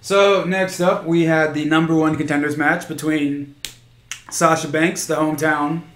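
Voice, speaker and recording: A man's voice: a little high, fairly even intonation, unhurried, fairly bright tone. A man co-hosting a podcast in casual chat, with a dry, teasing way of talking. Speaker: podcast co-host. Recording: echoey room, faint noise.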